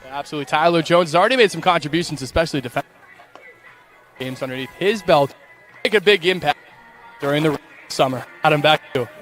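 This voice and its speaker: A man's voice: on the high side, fast, pauses often, a bit bright, soft background music. A man working as an on-field reporter and analyst at a baseball game, talking in a friendly, conversational way. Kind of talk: sideline interview and game analysis.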